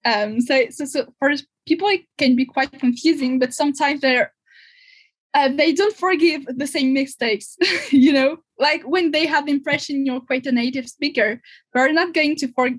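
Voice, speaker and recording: Speaking at a moderate pace in a high voice, this young woman from France, in her 20s, is a guest on a podcast. She talks casually with a French accent, laughs frequently, and now and then gropes for her words.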